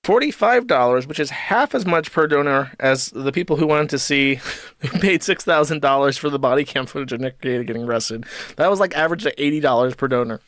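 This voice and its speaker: A young man doing live stream commentary, talking in a profane, rambling way with quick asides. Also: on the high side, a bit bright, dry recording, studio quality.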